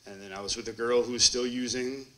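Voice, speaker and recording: Man, Wisconsin, treatment court graduate; bright tone, rambling storyteller who acts out the quotes. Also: mid-range voice, steady tone, fast, low-quality recording. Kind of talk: personal recovery testimony.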